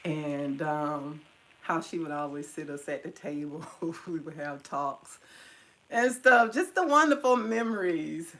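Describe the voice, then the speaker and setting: A woman's voice: low-pitched, measured pace, fairly bright tone, poor audio. A middle-aged woman tenderly reminiscing about her mother to her viewers, at times teary-eyed. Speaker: vlogger. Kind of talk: personal storytelling to viewers.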